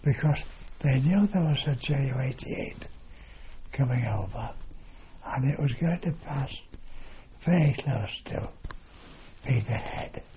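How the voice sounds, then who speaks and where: An older man recounting his wartime service in an oral history, halting with fillers and mild swearing. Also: medium pitch. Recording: dull lo-fi recording with steady noise.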